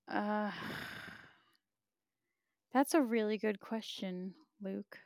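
A woman's voice: mid-range voice, extremely slow, long pauses, darkish tone, dry recording, clean studio sound. A woman hosting a podcast live, chatting casually and candidly, reading viewer comments with frequent laughs and profanity. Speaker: podcast host.

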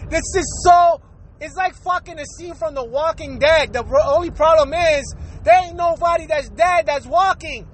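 A woman's voice: sits high, moderate pace, slight background noise. A woman delivering a profane, exasperated solo rant, firing off rhetorical questions. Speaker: vlogger.

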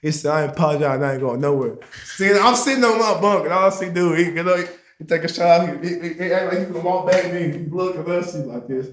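Speaking at a quick clip in a slightly high voice, this young man tells a meandering, profane tale full of slang and fillers, breaking into loud laughter whenever it gets funny. It's a relaxed, casual conversation.

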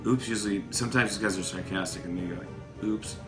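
Excitable man trash-talking over gameplay. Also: low voice, quick pace, over music. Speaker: talk show host. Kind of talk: casual mobile game commentary.

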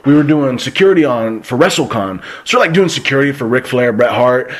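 A man's voice: medium pitch, lively intonation, quick pace. A man hosting a podcast, telling loose, profane, rambling anecdotes in casual chat. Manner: frequent restarts and fillers. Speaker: podcast host.

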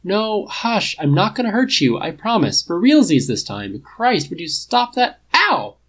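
A man voicing a cocky but apologetic archer whose pitch jumps up when he gets excited. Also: a little slow, husky, exaggerated voice, poor audio. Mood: sheepish. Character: sheepish cocky male archer, apologetic and goofy.

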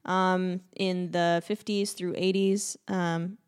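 A woman's voice: fairly low pitch, flat delivery, slow pace, clear, resonant tone. A woman from Central Illinois, co-hosting a podcast in casual, chatty talk full of fillers. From Central Illinois, USA. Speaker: podcast co-host. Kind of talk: casual chat.

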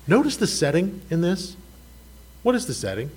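A man's voice: high voice, huge pitch swings, normal speed, a little mellow, slightly rough. A man preaching a conversational sermon, asking his listeners questions and speaking frankly about his own faults. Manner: conversational, self-deprecating, asks the congregation questions. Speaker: pastor.

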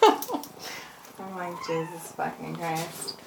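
Tipsy 30s woman, lowish voice, laughs a lot, swears, noisy street behind her. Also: very animated, drawn-out words, vocal fry. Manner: giggly, blunt and profane. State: tipsy after martinis. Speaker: taxi passenger. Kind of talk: casual chat.

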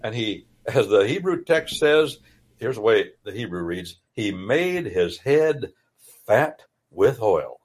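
A man's voice: on the low side, big pitch swings, slow, breathy edge. A male radio host reading and explaining scripture in a folksy, emphatic, preacher-like way. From United States.

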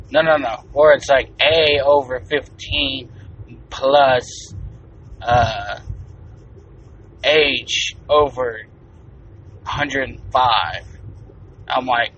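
A man's voice: medium pitch, slow, pauses often, fairly bright tone. Guy ranting solo on his podcast, cussing a lot, kinda far from a dull mic, bit of hiss. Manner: blunt, profane, rambling. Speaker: podcast host. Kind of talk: casual solo podcast rant. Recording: distant, dull lo-fi mic with faint noise.

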